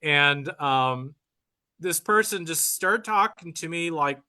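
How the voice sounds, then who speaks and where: A man with a high, strikingly bright voice chats on a video call. He tells anecdotes animatedly, leaning on "you know" and playing out the other voices. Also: animated, takes it slowly. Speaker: cousin of the musician, group regular. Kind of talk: casual video chat storytelling.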